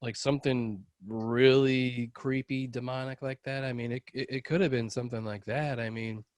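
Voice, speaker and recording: A man's voice: mid-range voice, fairly even intonation, normal speed, dry recording. Casual male podcast host, dry sound. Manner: loose, casual reactions with filler words. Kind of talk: casual interview chat.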